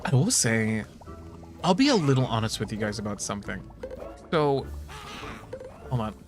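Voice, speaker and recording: Playful, lively young male streamer. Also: lowish voice, normal speed, over music. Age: 20s. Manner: playful, joking, laughs often, swears casually. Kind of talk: casual gaming stream chat.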